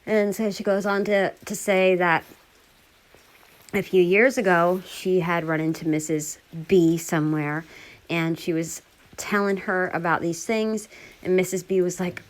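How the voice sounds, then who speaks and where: A woman casually retelling a bizarre encounter in a chatty, animated way, full of quoted dialogue. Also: on the low side, unhurried. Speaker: storyteller.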